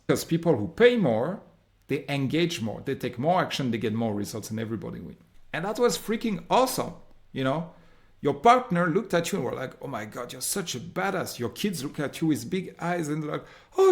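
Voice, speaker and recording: Male course instructor, French accent, upbeat and theatrical, swears casually. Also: mid-range voice. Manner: enthusiastic, mock-dramatic, swears casually. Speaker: online business course instructor. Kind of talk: recorded course lesson, drawing on a board.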